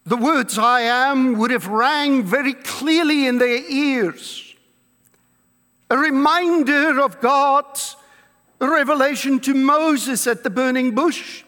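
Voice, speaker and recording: A pastor preaching a sermon to his congregation, emphatic, slowing down to stress key words. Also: extremely high pitch, bright, forceful tone. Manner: emphatic preaching with slow, drawn-out stresses and quoted scripture. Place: church. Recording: long reverb of a church hall.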